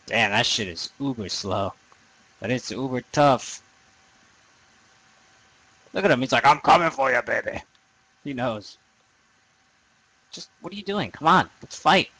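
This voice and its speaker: A young man's medium-pitched voice is bright, forceful and husky, with lively intonation, a measured pace and long pauses, on a low-quality but echo-free recording. He's giving rambling, profane, self-deprecating let's play commentary over a game.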